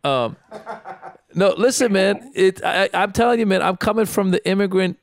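A man's voice: high voice, moderate pace, no room sound, clean studio sound. A man from Iran co-hosting a casual comedy podcast, joking, laughing often and acting out quoted lines. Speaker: podcast co-host.

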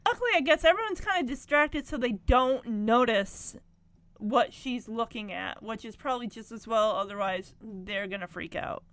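A woman's voice: fairly high pitch, expressive, moderate pace, a bit bright. A woman casually recapping a TV episode, chatty and rambling with lots of fillers.

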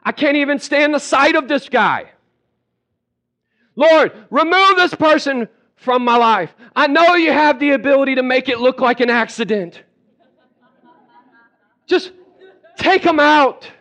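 A man's voice: very high voice, lively intonation, unhurried, pauses often, a bit bright, pitched above the performer's own voice, full character voice. A man playing an exasperated pleading believer. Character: frustrated believer begging God for relief. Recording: dull lo-fi recording.

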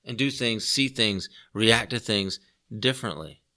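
A man's voice: on the low side, unhurried, bright, forceful tone. A man preaching a conversational sermon as a pastor, earnest, repeating phrases for emphasis and putting rhetorical questions to his listeners.

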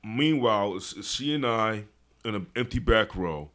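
A man's voice: lowish voice, lively intonation, moderate pace, a bit bright. A man hosting a podcast who tells a story in a laid-back, slangy way during a casual chat. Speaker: podcast host.

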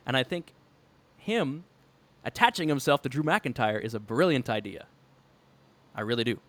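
A man of ordinary pitch chats on a podcast with eager energy, often breaking into laughs. He talks in quick bursts when excited. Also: dry recording. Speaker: podcast co-host. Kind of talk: casual podcast chat about wrestling.

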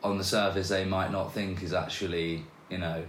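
A man speaks as a podcast guest in a relaxed, halting way, often restarting his sentences. His voice sits fairly low. The recording carries a noticeable room echo. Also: a little hiss or hum. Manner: hesitant, with many restarts and fillers. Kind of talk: casual conversational interview. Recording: roomy echo.

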